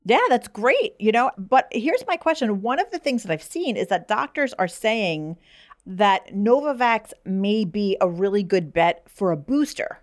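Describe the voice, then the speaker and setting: A woman co-hosting a podcast in casual chat, animated and quick to curse in her banter. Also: mid-range voice. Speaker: podcast co-host.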